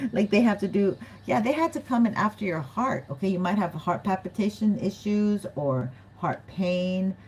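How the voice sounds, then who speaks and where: A woman's voice: mid-range voice, expressive, moderate pace, hardly any pauses, darkish tone, slight background noise, low-quality recording. A woman giving a casual, chatty tarot reading to her viewers, often giggling and acting out what other people might say. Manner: chatty, giggly, acts out quoted voices. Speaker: tarot reader.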